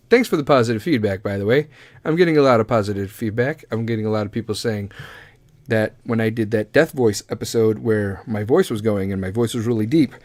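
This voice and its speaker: A man's voice: medium pitch, no echo. A man hosting a comedy podcast, rambling casually with lots of swearing and pep talk. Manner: profane, rambling, motivational. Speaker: podcast host.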